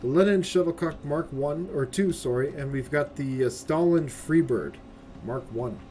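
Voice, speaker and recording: Here a streamer with a higher-leaning, warm male voice chats profanely through his gameplay at a moderate pace, frequently adding "right?". Game music plays behind him, and there's slight hiss or hum.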